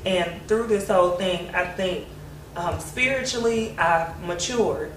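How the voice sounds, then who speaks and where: A woman's voice: fairly low pitch, unhurried. Reflective woman in an echoey room. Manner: reflective, laughs between thoughts. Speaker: grieving daughter sharing memories. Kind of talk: candid family conversation. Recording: roomy, distant mic, faint hiss.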